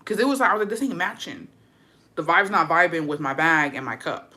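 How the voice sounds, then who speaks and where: A woman's voice: lowish voice, a little fast, pushed and bright. Chatty, profane young woman vlogger. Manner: chatty, profane, slangy, mixing in Spanish words. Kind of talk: casual chat to camera.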